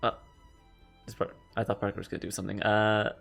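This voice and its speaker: A man's voice: on the low side, flat delivery, fast, gravelly, fairly bright tone, faint music behind. A man playing in a tabletop game, talking in an easygoing, casual way with hesitant starts. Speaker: player. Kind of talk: casual tabletop role-play.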